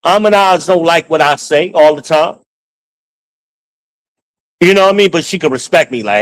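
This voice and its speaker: A man hosting a podcast, ranting in a casual, profane, animated way while walking around his home with a handheld phone. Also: a little high, moderate pace, long pauses, rough recording. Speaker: podcast host. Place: at home, moving between rooms.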